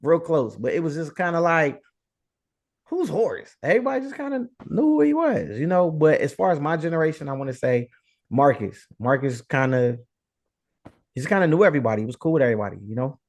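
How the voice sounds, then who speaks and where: Man co-host, Northeastern US accent, fairly high voice, easygoing chatter. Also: sing-song, fast talker. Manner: laid-back, lots of "like" and "you know". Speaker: podcast co-host. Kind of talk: casual chat.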